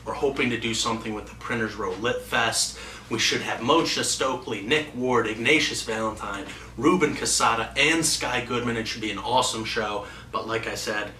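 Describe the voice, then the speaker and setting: A man hosting a literary show, giving a relaxed, loose wrap-up. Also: on the low side, slight background noise. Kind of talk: casual closing remarks. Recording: roomy, distant mic.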